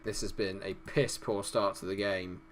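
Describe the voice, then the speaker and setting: Excitable guy commentating a game. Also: low voice, moderate pace, a little hiss or hum. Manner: excitable, cheers and groans at the action; casual, swears freely. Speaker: gaming YouTuber.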